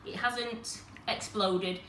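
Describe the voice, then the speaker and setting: Woman, mid pitch, talks viewers through a live cooking demo in an echoey kitchen with faint background hum. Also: fairly even intonation, extremely slow, a bit bright. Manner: chatty, explains step by step to viewers. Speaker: cooking demonstrator and host.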